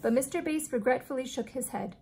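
Teacher lady reading a kids book aloud, kinda high voice, steady pace. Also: a little fast, slight background noise.

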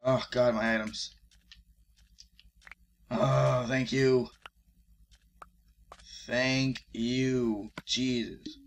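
A young man commentating his Minecraft let's-play, excitable and swearing loudly whenever he is in danger. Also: medium pitch, very slow, pauses often, a little hiss or hum. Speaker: gaming YouTuber.

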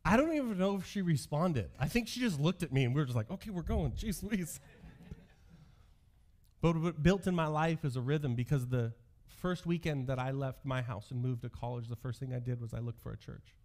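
A man's voice: medium pitch, a little fast, hardly any pauses, a little mellow. A male pastor in his thirties giving a sermon, telling stories from his youth with self-deprecating humor.

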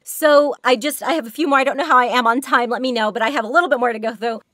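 A hoarse woman giving a chatty workshop talk on voice acting, laughing often as she goes. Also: fairly high pitch, quick pace, fairly bright tone, dry recording, clean studio sound. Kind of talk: workshop presentation.

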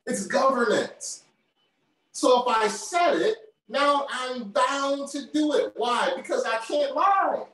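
A male preacher delivers a sermon at an unhurried, deliberate pace, hammering home each point and repeating phrases for weight. He sounds as if picked up from far off in a big, very echoey church hall. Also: very high-pitched, a bit bright. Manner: emphatic, repeats key phrases.

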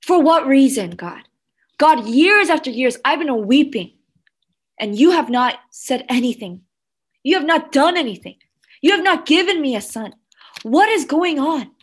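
Woman doing an anguished woman crying out to God, loud and pleading. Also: sits high, animated, measured pace. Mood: bitter anguish. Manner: pleading, bitter questioning.

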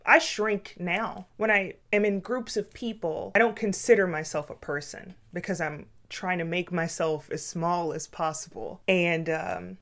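A young woman with a somewhat low voice, talking softly and reflectively as if late at night. She is candid and casual, drops the odd swear word, and often restarts her sentences mid-thought. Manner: candid and casual, with frequent swearing and self-corrections; soft, reflective delivery. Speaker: vlogger. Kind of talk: late-night confessional storytelling.

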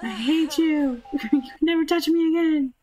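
A woman voicing a young woman in labor who pleads and blames her husband in high-pitched shrieks, over a life-sim game. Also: a little slow, dark tone, faint music behind. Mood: pained pleading.

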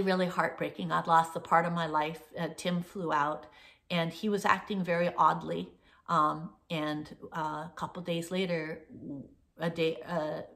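A woman's voice: lowish voice, creaky, fairly bright tone. An older woman hosting a casual show, telling a long personal story in a rambling way with many fillers and restarts. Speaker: host.

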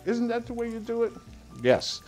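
A man's voice: very high-pitched, big pitch swings, normal speed, darkish tone, faint music behind. A middle-aged man hosting a cooking show, talking casually and playfully, humming and chuckling as he cooks. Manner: chatty and playful, hums and chuckles while cooking.

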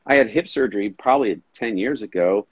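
A low-voiced, husky man chatting casually on a live stream, dry and close, sound a bit dull and lo-fi. He tells stories with lively quoted voices and jokes along the way. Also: a little fast, dry recording. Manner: storytelling, animated quoted voices, joking. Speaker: guest, fitness coach. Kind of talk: casual chat on a live video call. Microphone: live stream audio.

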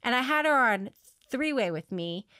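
A woman hosting a podcast, telling a long story in a rambling way, with many fillers and restarts, laughing at her own dark humor. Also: fairly high pitch, expressive, normal speed, no echo, studio quality. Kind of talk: casual conversational storytelling.

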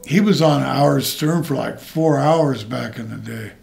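Gravelly older man telling stories. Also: mid-range voice, a little slow, darkish tone. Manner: profane, rambling anecdotes. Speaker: guest, retired wrestler. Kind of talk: shoot interview storytelling.

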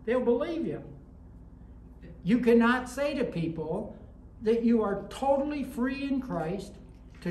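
A woman pastor gives a conversational sermon, weaving in anecdotes as her emphasis rises. Her voice is medium-pitched and mellow, with a little hiss or hum on the recording. The room is echoey, with faint ambience.

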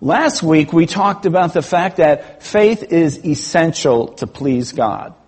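A man preaching in a church with a rather high, husky voice. He takes his time, telling a story and giving the people in it their own lines, then drawing out the lesson in measured phrases. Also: lively intonation, a little mellow. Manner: storytelling with acted-out quotes, slow and measured. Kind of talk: sermon.

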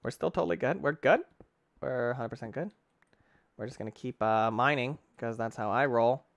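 A man giving excitable, rambling commentary on his gameplay, talking to himself and breaking into sudden shouts. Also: moderate pace, vocal fry, dry recording. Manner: excitable, with sudden shouts and big pitch jumps. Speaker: gaming channel host. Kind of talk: let's-play gameplay commentary.

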